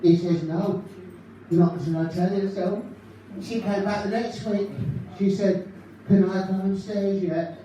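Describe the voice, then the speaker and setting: Guy doing a nervy giggly comic rambling thru gags, high voice, super echoey hall way off mic. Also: little pitch movement, a little slow, dark tone, recorded from a distance, dull audio, a little hiss or hum. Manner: nervous laughing, rambling gag delivery. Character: giggly, rambling male stand-up comedian impression. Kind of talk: live stand-up impression. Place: live concert venue.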